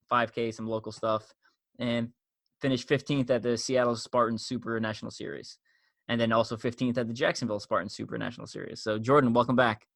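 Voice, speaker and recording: Man, podcast host, bright tone, dry close sound, chatty with fillers. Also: mid-range voice, vocal fry, no echo. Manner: relaxed, chatty, with frequent fillers. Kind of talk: conversational podcast hosting.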